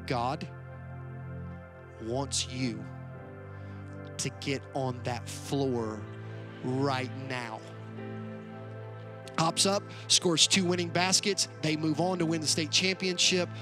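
A man preaching a live sermon as pastor, acting out quoted lines and building to passionate altar calls. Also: fairly high pitch. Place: church auditorium.

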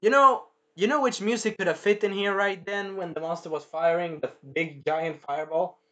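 Bright, animated man recapping an episode. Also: sits high, normal speed. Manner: animated, swears, acts out lines and sound effects. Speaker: show reviewer.

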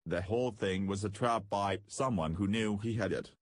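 A man's voice: lowish voice, normal speed, no echo, lightly acted. A man voicing an older male spaceman companion who speaks plainly and matter-of-factly. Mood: sober.

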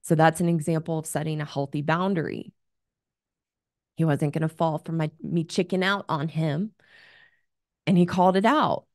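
A woman's voice: low-pitched, normal speed, pauses often, darkish tone, no room sound, studio quality. A woman hosting an advice show as a relationship coach, talking in an earnest, candid coaching tone. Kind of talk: advice monologue.

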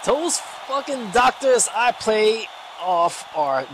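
A commentator calling a virtual wrestling show in casual play-by-play, excitable and swearing freely. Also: medium pitch, background noise. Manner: excitable, swearing, quick asides.

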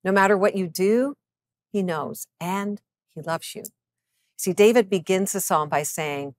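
A woman in her fifties, a psychologist and author, reading a scripted devotional. She speaks earnestly to the listener and slows down to give scripture passages deliberate weight. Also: medium pitch, no echo. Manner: earnest, encouraging address to the listener.

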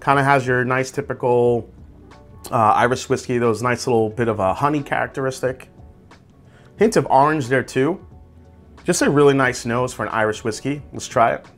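A man hosting a casual whiskey tasting review, describing tasting notes aloud in a relaxed, conversational way. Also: medium pitch, moderate pace, faint music behind. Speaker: whiskey reviewer, channel host.

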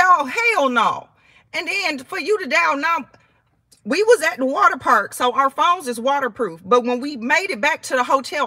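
A high, bright woman's voice, telling her story casually and heatedly, swearing as she goes. She acts out every quote with a lot of energy. The sound is dry and close, with no room echo. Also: breathy edge.

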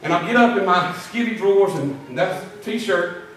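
Man, preacher, folksy storytelling, fairly high voice, echoey far-off church recording. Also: expressive, moderate pace, fairly bright tone, slight background noise. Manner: folksy storytelling with drill-sergeant impressions. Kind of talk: sermon with personal stories. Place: church sanctuary.

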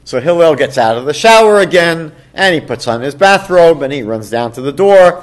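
Man telling a story with lively voices. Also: fairly high pitch, normal speed, few pauses. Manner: acts out the characters with raised, excited voices. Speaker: rabbi teaching a class. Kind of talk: storytelling lecture.

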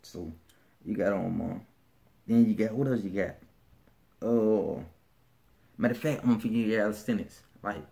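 A man's voice: lowish voice, normal speed, gravelly, pauses often, dark tone. A man with a Birmingham, Alabama accent chatting casually in a vlog, laid-back and slangy, often restarting his sentences. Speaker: vlogger.

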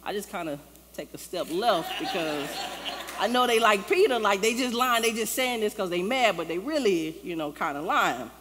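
A woman's voice: medium pitch, animated, normal speed, fairly bright tone, slight background noise. A woman pastor preaching a sermon in a loose, conversational way, acting out the lines she quotes. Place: church sanctuary. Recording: long church-hall reverb, faint ambience.

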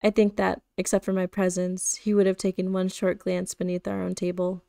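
Gravelly-voiced woman reading a novel aloud. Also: mid-range voice, little pitch movement, a little fast, few pauses, dark tone, dry recording, clean studio sound. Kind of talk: live-streamed book reading.

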